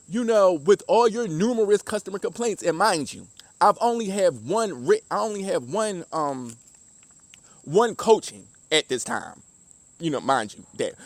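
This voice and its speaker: A Southern man speaks in a high, earnest voice, giving personal testimony and often restarting his sentences. The sound is dry and close. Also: no echo. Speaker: former deli worker giving testimony.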